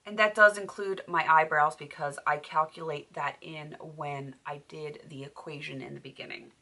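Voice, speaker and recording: Beauty vlogger lady, losing her voice, low-ish and bright, chatty and self-deprecating. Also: fairly even intonation, normal speed. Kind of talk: casual makeup tutorial chat.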